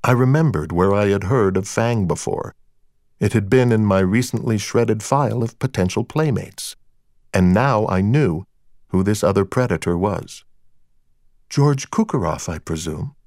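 A man's voice: on the low side, moderate pace, a little mellow, no echo. Dry, wry male audiobook narrator. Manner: dry, wry first-person storytelling. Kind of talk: audiobook narration of a crime novel.

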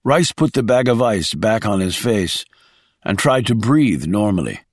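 A man narrating a thriller audiobook in a calm, measured way. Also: lowish voice, dry recording, studio quality.

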